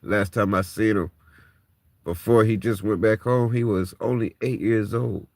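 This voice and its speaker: A man's voice: fairly low pitch, fairly even intonation, measured pace, a little mellow, no room sound. A man in his thirties venting raw frustration and distress to the camera, emotionally worn and on the edge of tears, swearing as he talks. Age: 30s. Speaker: vlogger.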